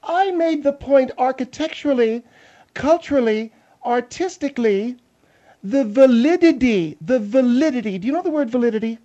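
A man's voice: very high voice, animated, normal speed, mellow, highs cut off, voice pushed up. Man putting on a snooty, haughty woman. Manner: haughty, lecturing, mocking. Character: snooty, condescending middle-aged woman co-host. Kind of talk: comedic radio talk bit.

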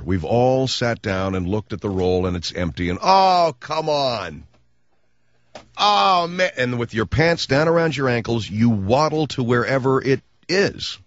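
A man's voice: fairly low pitch, no echo, lo-fi sound. A man hosting a comedic talk radio show, rambling through a wry monologue.

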